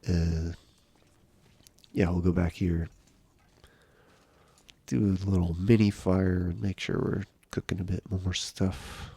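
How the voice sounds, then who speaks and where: A man's voice: low-pitched, slow pace, long pauses, husky, no echo. A man streaming a survival game live, chatting casually with viewers while he plays, his voice nasal and stuffy from a cold. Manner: relaxed, chatty, reads chat aloud.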